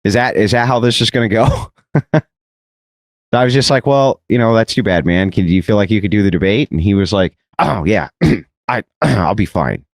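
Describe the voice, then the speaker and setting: A man telling a debate story in an animated, mocking way, mimicking his opponent's voice and laughing often. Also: lowish voice, a little fast, dry recording. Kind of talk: animated anecdote on a podcast clip.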